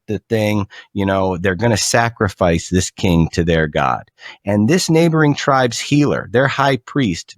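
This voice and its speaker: A man on a podcast, telling a story in a relaxed, animated way and often repeating words as he starts a thought. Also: mid-range voice, dry recording, studio quality. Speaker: podcast guest. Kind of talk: casual storytelling.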